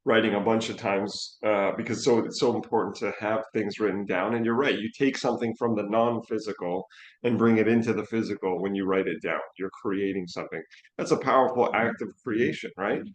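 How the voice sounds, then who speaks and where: Animated man telling stories in a roomy space. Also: fairly low pitch, fairly quick. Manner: animated storyteller, acts out his own reactions. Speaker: financial educator and co-host. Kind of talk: casual storytelling chat.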